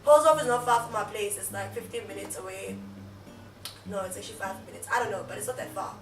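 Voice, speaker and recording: A woman's voice: medium pitch, fast talker, recorded from a distance. A young South African woman with a South African accent, telling a story in casual chat, full of fillers and laughs. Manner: chatty, frequent fillers and laughs. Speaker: YouTuber. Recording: echoey room, off-mic, faint music.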